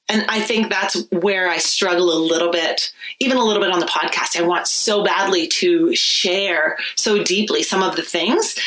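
Animated woman telling stories on a podcast. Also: fairly low pitch, low-quality recording. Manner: animated storyteller, acts out quoted voices. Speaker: podcast guest, Reiki practitioner. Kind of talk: casual podcast conversation.

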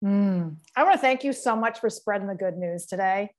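A woman's voice: mid-range voice, moderate pace. A woman hosting a podcast, thanking her guest and closing the show. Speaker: podcast host. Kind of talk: casual chat.

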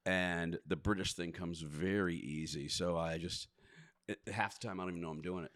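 A man with a fairly low voice tells stories in a relaxed conversation. He is animated, laughs often, and talks like an audiobook narrator. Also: normal speed. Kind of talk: casual chat, storytelling.

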